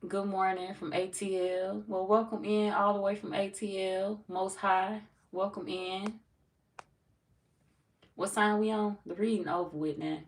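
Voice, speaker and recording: A woman's voice: mid-range voice, flat delivery, a little slow, distant mic. A woman reading tarot on a livestream, chatting loosely with viewers, reading their comments aloud and laughing often. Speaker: tarot reader greeting live chat. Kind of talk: casual livestream chat.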